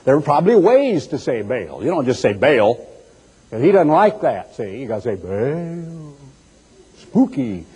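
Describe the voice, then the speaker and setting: Husky, animated preacher man in a hall. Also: medium pitch, moderate pace. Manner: animated, teasing, acts out mocking voices. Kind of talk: sermon. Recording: echoey hall with long reverb.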